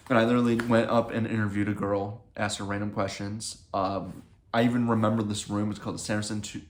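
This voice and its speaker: A young man telling a rambling, excitable story about his own life in a casual vlog. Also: on the low side, fairly quick. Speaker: comedy video creator. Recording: echoey room.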